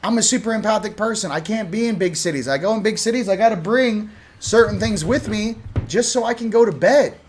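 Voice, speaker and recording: In a relaxed to-camera talk, this spiritual channel host from Southern California laughs and stays animated, moving from hushed tones to loud ones. His high voice is brisk, with few pauses.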